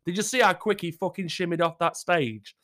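A British man hosting his channel, chatting casually to his viewers in a jokey, sarcastic and sweary way, with loud outbursts and muttered asides. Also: high-pitched, brisk. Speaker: channel host.

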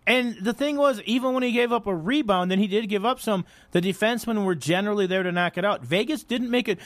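A man's voice: sits high, fast talker, fairly bright tone, dry recording. A man co-hosting a sports radio show, talking hockey in casual, teasing banter. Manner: teasing, conversational. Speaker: radio sports talk co-host.

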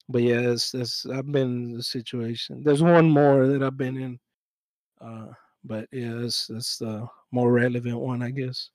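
A young man spins a work story for his podcast in a relaxed, casual voice. He swears freely and acts out both sides of the exchange at a mid pitch. The sound is close and dry, with no room. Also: moderate pace, dry recording, poor audio. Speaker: podcast co-host. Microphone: own mic, remote call.

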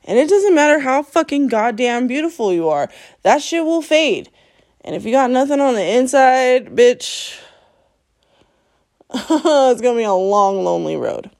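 Her high, slightly mellow voice swings widely in pitch as she rants unhurriedly through a solo podcast episode. The host bluntly curses at and scolds her listeners, laughing between lines.

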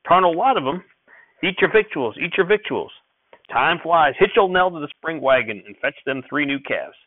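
A man voicing a fussy, excitable old rural grandfather who talks in a folksy backwoods dialect and breaks into sharp scolding. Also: fairly high pitch, normal speed, dry recording, pitched above the performer's own voice. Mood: bossy. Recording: dry, thin phone-like sound.

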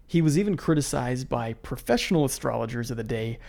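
A man co-hosting a casual podcast, relaxed as he reads out history facts and then riffs on them. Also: medium pitch, fairly quick, gravelly. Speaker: podcast co-host presenting history.

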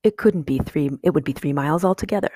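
A woman's voice: low voice, fast talker, mellow, no room sound. A woman reading an audiobook, voicing a curious young boy who asks eager questions.

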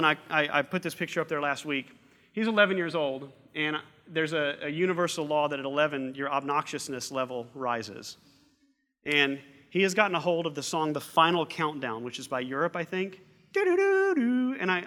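A middle-aged man preaching a sermon, earnest and fond of repeating phrases for emphasis. His voice sits a little high and bright. It rings out with a long reverb of a large hall. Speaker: pastor.

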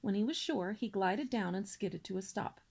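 Gravelly woman reading a storybook aloud. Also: medium pitch, normal speed. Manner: steady storybook reading with small slips. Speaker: reader. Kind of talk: reading a children's novel aloud.

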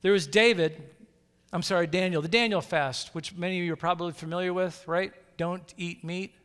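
A middle-aged man preaching as a guest pastor, animated and quick to act out inner voices and question the crowd. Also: high voice, clear, resonant tone. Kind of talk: sermon. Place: church hall. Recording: long hall reverb.

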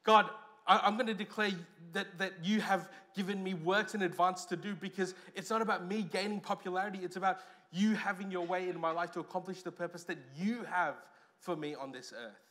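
A man with an Australian accent preaching a sermon as pastor, lively, with loud stresses and quiet asides. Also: high voice, fairly quick.

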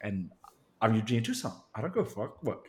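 A man's voice: fairly low pitch, very animated, fairly quick, darkish tone. A young man, a podcast co-host, telling a bar story in casual, profane chat and laughing as he goes.

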